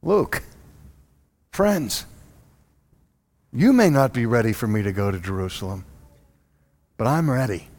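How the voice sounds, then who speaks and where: A man's voice: mid-range voice, animated, unhurried, pauses often, darkish tone, pitched below the performer's own voice, lightly acted. A man voicing an exasperated, resolute male apostle who pleads with his friends in rising exclamations.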